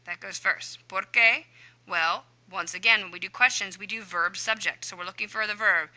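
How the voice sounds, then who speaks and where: A woman Spanish teacher walks students through an answer key, narrating each step aloud in a chatty, self-talking way. Her voice is very bright and crisp, pitched in a middle range for a woman. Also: normal speed, low-quality recording. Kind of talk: explaining a homework answer key.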